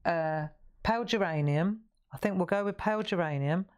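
Chatty low-voiced woman craft host. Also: normal speed, a little mellow. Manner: chatty, asks viewers questions, laughs often. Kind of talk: live coloring demonstration.

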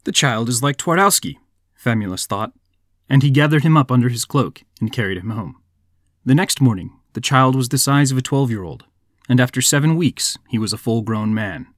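Male podcast narrator, mid-pitch, dry booth sound, measured folk-tale reading. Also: no room sound. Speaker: podcast host.

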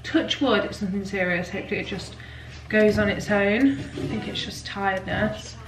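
A young woman talks to camera in a casual home vlog, gushing and rambling with plenty of "like"s. Her pitch sits in an ordinary middle range, and faint household noise hums behind her. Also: normal speed. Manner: chatty, gushing, rambling with many "like"s. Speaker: vlogger. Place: at home, kitchen.

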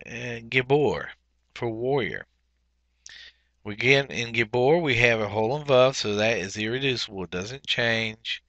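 A man teaching a Biblical Hebrew workbook lesson, explaining methodically step by step and pausing often with fillers. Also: mid-range voice, sharp tone, no echo, lo-fi sound. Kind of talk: recorded workbook walkthrough lesson.

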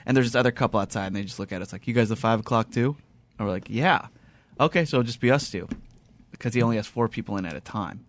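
Fast-talking man telling a rambling story. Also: lowish voice, a little hiss or hum. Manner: rambling, animated, lots of restarts and quoted dialogue. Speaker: podcast host. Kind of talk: casual storytelling chat.

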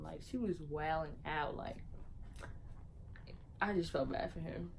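A young woman with a somewhat low voice tells a story in loose, slangy talk. She jumps to loud, high bursts when she acts out what people said. A faint hiss sits behind her. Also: a little slow, pauses often, poor audio. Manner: animated, swings loud and high into laughter and mock voices. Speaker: vlogger. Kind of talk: casual storytime.

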